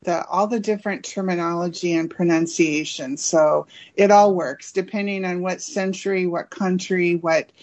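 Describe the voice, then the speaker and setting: A woman's voice: on the low side, steady tone, normal speed, few pauses, darkish tone, highs cut off. A woman interviewed as an author and collector, friendly and a bit hesitant, with frequent ums. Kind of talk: casual interview chat.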